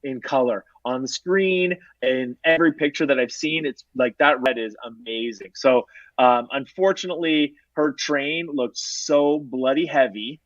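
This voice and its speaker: A man as a guest in a casual podcast chat, opinionated and playful with quick asides. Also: mid-range voice, no room sound, muffled recording.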